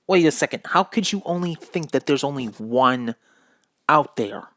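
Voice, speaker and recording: At home, a man reads a children's book at a normal speed with lively intonation, doing a drawl for the dog narrator and pausing for joking jabs at the story. His medium, fairly bright voice comes through as a dry, clean studio recording.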